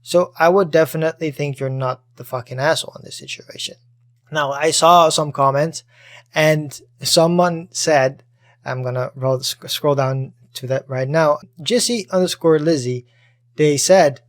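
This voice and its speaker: A man hosting a casual podcast, reading out Reddit posts and reacting to them with chatty, animated commentary full of swearing. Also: a little high, a little slow. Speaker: podcast host.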